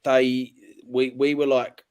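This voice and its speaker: A man's voice: mid-range voice, little pitch movement, takes it slowly, a little mellow, clear, resonant tone. A young adult man on a fan panel, telling stories in casual chat with a hesitant, filler-heavy delivery.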